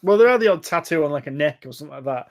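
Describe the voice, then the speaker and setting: A man running a tabletop game as game master over an online call, describing scenes in halting, restarting narration. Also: fairly high pitch, animated.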